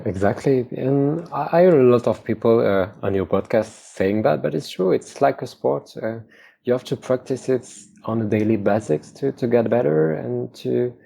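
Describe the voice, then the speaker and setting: A man's voice: medium pitch, creaky, mellow. A man from France with a French accent, a concept artist being interviewed, who talks hesitantly and often repeats words as he searches for them. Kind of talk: casual interview talk.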